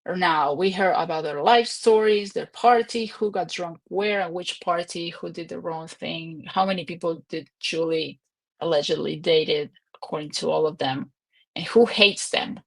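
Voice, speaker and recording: A lowish, creaky voice with fairly even intonation belongs to a woman in her twenties or thirties hosting a casual livestream from home. At a moderate pace, she chats, rambles and laughs frequently.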